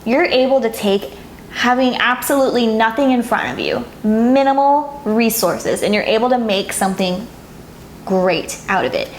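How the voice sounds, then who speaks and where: A woman reading tarot cards to her viewers, speaking softly and warmly, sometimes moved to tears. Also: medium pitch, reverberant, slight background noise. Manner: soft, emotional, gets teary and laughs. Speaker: tarot reader. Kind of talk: pick-a-card tarot reading to camera.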